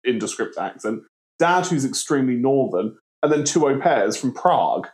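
A man's voice: mid-range voice, sing-song, normal speed, a little mellow. A man from south-east England, co-hosting a podcast in casual, sarcastic chat and swearing freely.

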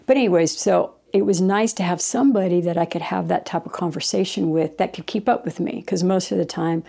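A woman's voice: fairly low pitch, gravelly, dark tone. A middle-aged woman telling a rambling personal story in a casual way, acting out quoted lines as she goes. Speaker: interviewee.

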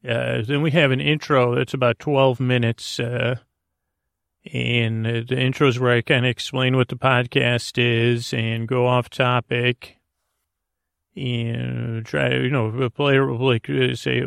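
Man, bedtime podcast host, creaky gravelly voice, meandering and drowsy, dry close sound. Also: mid-range voice, little pitch movement, slow pace, a bit bright, no room sound. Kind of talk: rambling bedtime podcast intro.

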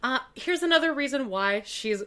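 A woman co-hosting a casual talk show, her voice bright and a bit high. She talks in lively bursts that fall off into soft muttering. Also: moderate pace. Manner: animated, swings from loud to mumbled. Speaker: podcast co-host. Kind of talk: casual chat.

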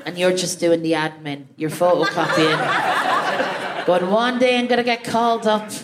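A woman's voice: lowish voice, steady tone, a little fast, reverberant. Woman chatting on stage at a live show, jokey and self-mocking, mid voice, noisy recording. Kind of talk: casual chat on a live stage. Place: theatre stage before a live audience.

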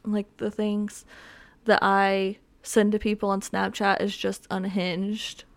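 A woman's voice: mid-range voice, completely flat delivery, takes it slowly, gravelly. A young woman in her twenties hosting a podcast on her own, talking casually in a mid-range voice. She rambles, loses her train of thought and pokes fun at herself, with frequent filler words. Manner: rambling, self-deprecating, lots of fillers. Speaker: podcast host. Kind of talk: casual solo chat.

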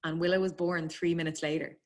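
A woman's voice: lowish voice, flat delivery, a little mellow. An Irish woman chatting freely as a guest, telling a personal story with feeling and frequent laughs. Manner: chatty, emotional, quick to laugh.

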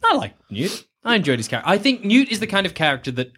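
A man chatting casually about a movie with friends, animated and laughing often. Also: high voice, fast talker, slightly rough. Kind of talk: casual chat.

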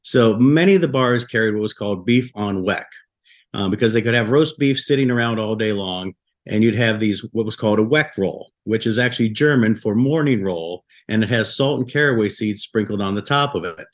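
A man's voice: on the low side, fairly quick. A man from Buffalo, New York, a restaurant co-founder guest telling rambling anecdotes on a podcast, often restarting his sentences. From Buffalo, New York, USA. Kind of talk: casual podcast storytelling.

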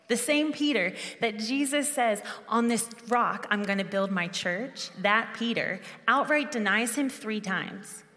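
Woman preacher, earnest and conversational, fairly high voice, reverberant hall. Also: fairly bright tone. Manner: earnest, conversational, with frequent restarts. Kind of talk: sermon.

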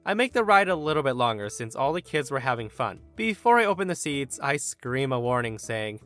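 Animated, bright-voiced male story narrator. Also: mid-range voice, normal speed, hardly any pauses, faint music behind. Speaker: story narrator and podcast host. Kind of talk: reading internet stories aloud.

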